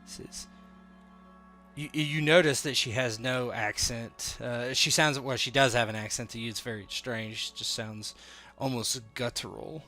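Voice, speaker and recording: A man narrating as game master of a tabletop game. His narration is unhurried and explanatory. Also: mid-range voice, fairly even intonation, sharp tone, soft background music.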